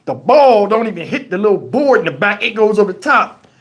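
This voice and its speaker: Hosting a live stream, a man with a fairly quick, high-sitting voice recounts a comical story, swearing freely and animatedly doing voices for each person in it.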